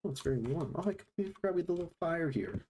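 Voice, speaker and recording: A man's voice: on the high side, lively intonation, very fast, mellow, slight background noise. A man streaming himself playing a building game, chatting casually to viewers as he plays. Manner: chatty, talks to chat while building. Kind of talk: casual live-stream gameplay commentary.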